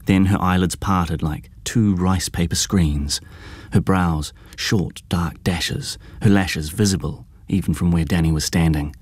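A man giving measured, scripted audiobook narration of a story. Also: low-pitched, fairly even intonation, a little mellow, husky, no room sound, clean studio sound.

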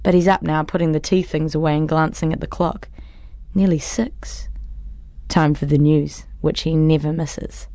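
A woman narrates a first-person audiobook in a wry, conversational way. Her voice sits low. The recording is dry and close, with no room sound. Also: steady tone, moderate pace, mellow, no room sound.

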